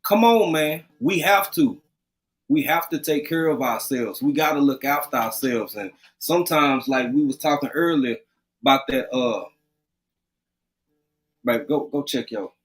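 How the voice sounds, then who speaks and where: A man's voice: medium pitch, animated, slow pace, pauses often, low-quality recording. A middle-aged man with an East Texas accent, co-hosting a livestream, who talks earnestly and repeats himself as he urges men to see the doctor. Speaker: livestream co-host. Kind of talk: casual chat.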